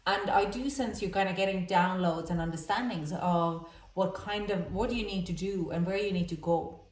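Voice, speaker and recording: Halting, emotional woman reading tarot, echoey room. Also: lowish voice, far from the mic. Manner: halting, emotional, many fillers and restarts. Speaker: tarot reader. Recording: echoey room, voice a little off-mic.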